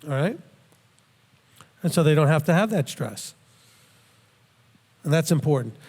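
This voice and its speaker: A middle-aged man with a fairly high voice, teaching scripture in an earnest, conversational way. He is plain-spoken and often restarts or repeats a word as he works out his thought. His voice rings with a long reverb, as if recorded in a hall. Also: expressive, measured pace, a little mellow. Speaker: Bible teacher.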